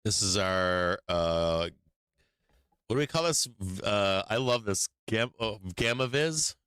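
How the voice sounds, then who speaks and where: A man with a low-pitched, animated voice speaks at a slow pace, his tone fairly bright and smooth, with no room sound. He has the hiccups as he hosts a live stock market stream, rambling in a casual, profane way, restarting frequently, and slipping off mic as he works his charts and screens.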